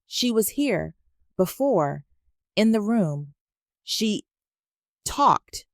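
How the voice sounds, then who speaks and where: A woman voicing a young man just woken from a coma who speaks in a strained, quiet, insistent way. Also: medium pitch, very animated, drawn-out words, vocal fry, no echo, studio quality, exaggerated voice. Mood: weak but insistent.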